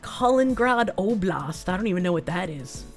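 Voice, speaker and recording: A woman's voice: lowish voice, lively intonation, moderate pace. A young woman streaming a guessing game, thinking aloud, laughing often and swearing freely. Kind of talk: casual live-stream commentary while playing a guessing game. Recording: faint music behind the voice.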